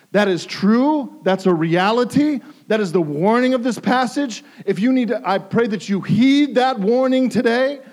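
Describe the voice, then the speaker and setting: A male pastor preaching a sermon, emphatic and repeating phrases for stress, moving between hushed intensity and raised pleas. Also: sits high.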